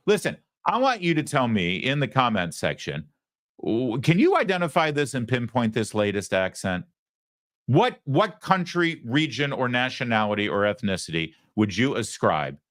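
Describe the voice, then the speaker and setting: A man hosting a political talk show, giving mocking, animated commentary. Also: medium pitch, no room sound, studio quality.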